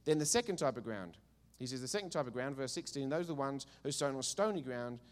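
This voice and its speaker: A middle-aged man with an Essex English accent, preaching a sermon with jokey asides and loud bursts of enthusiasm. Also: medium pitch, expressive, fast. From England.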